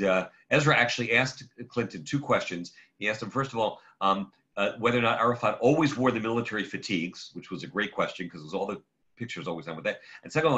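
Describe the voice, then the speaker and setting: A rabbi speaks in a fairly low, bright and forceful voice while leading a class over video call, his lecture conversational, halting and digressive. He fields audience questions by name, and the recording has a muffled lo-fi online quality.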